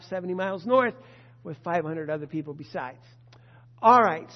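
Guy with a high voice preaching hard, big echoey hall, kinda muffled sound. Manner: emphatic, expressive preaching. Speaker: pastor. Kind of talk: sermon. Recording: dull lo-fi sound with long reverb.

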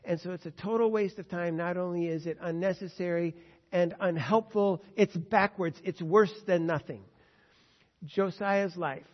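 A man's voice: sits high, moderate pace. A man preaching a sermon who tells stories and acts out the quotes, recorded with dull, echoing sound in a church hall. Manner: storytelling, animated, acts out quotes.

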